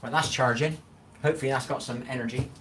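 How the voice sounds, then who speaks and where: A man's voice: medium pitch, fairly even intonation, quick pace, noisy background. A middle-aged man hosting a casual livestream, reading viewer comments aloud and giving folksy advice while stumbling over names. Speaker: livestream host.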